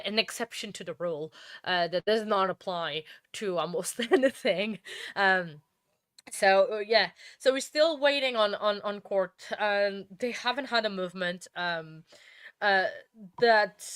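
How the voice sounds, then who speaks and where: Woman, livestream host, bright voice, dry close sound, chatty with fillers. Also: medium pitch, no echo. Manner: chatty, many fillers and restarts. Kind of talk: casual livestream chat.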